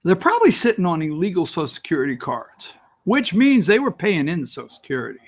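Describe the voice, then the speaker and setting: Man, talk show host, opinionated rant, sarcastic, rambling, high-pitched. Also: wildly swooping pitch, a little fast. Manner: ranting, sarcastic, rambling asides.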